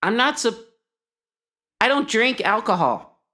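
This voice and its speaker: A man's voice: mid-range voice, animated, moderate pace, a bit bright. Man doing a naive, earnest young monk. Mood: indignant. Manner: earnest, naive, matter-of-fact. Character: naive sheltered male monk adventurer, earnest. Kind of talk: tabletop role-play in character.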